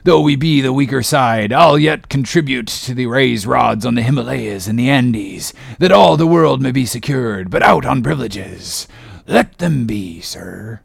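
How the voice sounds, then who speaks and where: A grim, commanding old sea captain, as a male reader puts him on speaks slowly and sternly. His voice is gravelly and raspy, with a close, dry sound. It fits a storybook reading. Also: mid-range voice, lively intonation, no echo, heavily acted.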